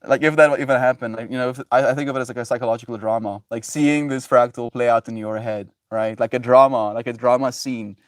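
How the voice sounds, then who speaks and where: A man's voice: mid-range voice, fairly even intonation, fast, few pauses, no echo, studio quality. Rambling, laughing male livestreamer. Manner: rambling, laughs often, loose filler-heavy talk. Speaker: livestreamer reading chat. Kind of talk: casual spiritual musing.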